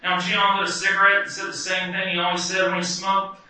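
A man performing a wry, animated first-person story live. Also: sits high, brisk. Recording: echoey hall from far off.

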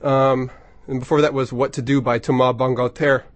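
A male radio DJ talking loosely between tracks in his studio, excitable and rambling with plenty of ums. His voice sits at an ordinary pitch, close to a studio mic in a dry, dead room. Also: normal speed, no echo. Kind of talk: casual on-air chat between songs. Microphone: studio microphone.

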